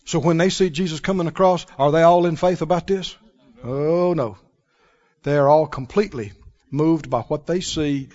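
A man preaching a sermon, emphatic and animated, often breaking into laughter. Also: a little high, moderate pace. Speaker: pastor. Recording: dull lo-fi recording.

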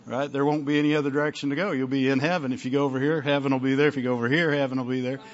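A man's voice: mid-range voice, little pitch movement, rapid-fire, muffled recording. A male pastor preaching a conversational sermon, often asking the congregation "amen?" and "right?".

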